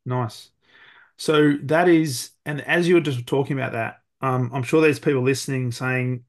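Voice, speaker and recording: Podcast host guy, average pitch, thinks out loud while summing things up. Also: unhurried. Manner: thoughtful, trails off and restarts while summing up. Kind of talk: podcast interview.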